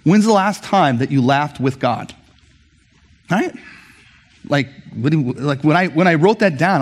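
A male pastor delivering a sermon in a lively, conversational way, tossing in quick asides to the congregation. His voice sits high for a man, and he speaks to a gathered church. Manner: animated, conversational, frequent "right?" asides.

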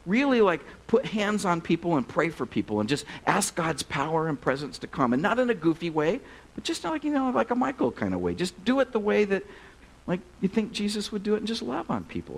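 A male pastor preaching to a crowded church. His pitch swings widely as he tells stories in a casual, animated way, full of loose filler words. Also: brisk, gravelly, a little hiss or hum, low-quality recording. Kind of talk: sermon with storytelling.

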